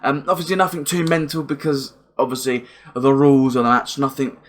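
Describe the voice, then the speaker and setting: A young man reviewing a wrestling event in a casual, excitable, rambling way, swearing freely and repeating himself. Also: medium pitch, fairly quick.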